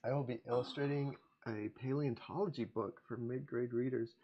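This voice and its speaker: Relaxed man with a gravelly voice. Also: medium pitch, moderate pace, highs cut off. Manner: relaxed, greets chat by name, chuckles often. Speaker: livestream host, comic artist. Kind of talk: casual livestream chat.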